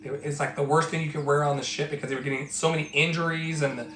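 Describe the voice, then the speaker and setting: A man's voice: on the high side, level tone, racing, a bit bright. Emphatic life coach man, echoey room. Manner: emphatic, repetitive, preacher-like. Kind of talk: motivational talk. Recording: echoey room with faint music.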